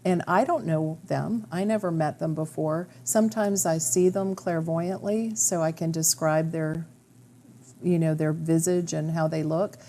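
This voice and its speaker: Female host, low dark voice, calm, assured explainer. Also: a little hiss or hum. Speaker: radio show host, medium. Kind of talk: interview conversation.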